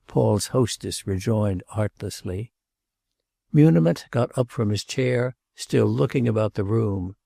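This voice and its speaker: A man narrating a classic novel in a measured, literary audiobook style. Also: fairly low pitch, vocal fry, mellow, dry recording, studio quality.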